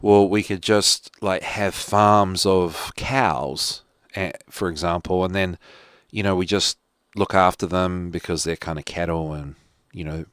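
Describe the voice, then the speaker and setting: A man's voice: low voice, steady tone, measured pace, fairly bright tone, clean tone, no room sound, studio quality. A man, talking casually and thinking aloud with many fillers. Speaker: host. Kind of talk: casual monologue.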